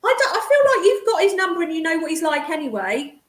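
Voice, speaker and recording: A woman's voice: very high-pitched, sing-song, fast, echoey room. A woman giving a psychic reading as a medium, chatty and affectionate, calling the sitter darling.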